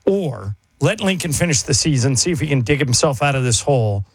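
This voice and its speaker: A man co-hosting a sports radio show, posing questions to his partner in a measured, casual way. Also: medium pitch, animated, husky, no echo.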